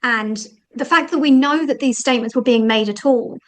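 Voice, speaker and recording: Woman, guest author, interview, fairly high voice, animated, thinks aloud. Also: normal speed, rough recording. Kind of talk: conversational interview.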